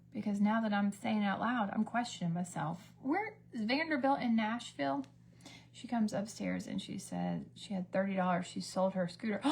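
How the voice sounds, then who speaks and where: With a mid-range voice, vocal fry, and a bit of hiss or hum in the recording, a beauty vlogger rambles chattily on a get-ready-with-me livestream. She applies makeup while wandering between stories, occasionally whispering.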